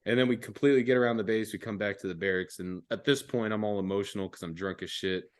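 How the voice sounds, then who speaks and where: Speaking fast with a fairly low, steady tone, a young podcast host spins a story in an easygoing way. Swearing and slang come freely, laughter comes often, and fillers like "dude" and "man" pop up constantly.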